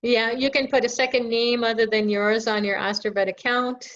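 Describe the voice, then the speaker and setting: A woman's voice: fairly high pitch, little pitch movement, normal speed, a bit bright. Chatty woman hosting a lo-fi live Q&A. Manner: chatty and reassuring, with self-teasing jokes. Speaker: live show host answering viewer questions. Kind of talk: casual live Q&A. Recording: dull lo-fi stream audio.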